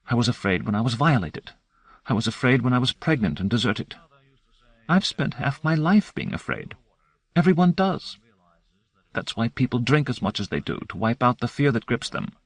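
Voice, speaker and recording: A man's voice: mid-range voice, sing-song, normal speed, no room sound, voice pushed up. A man voicing a fierce, frightened woman scientist who talks in an intense hissing whisper. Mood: bitter.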